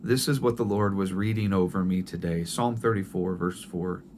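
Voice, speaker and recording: A middle-aged man preaching a sermon in a gentle, tender storytelling way, often restarting his phrases. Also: low-pitched, moderate pace, slight background noise. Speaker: pastor.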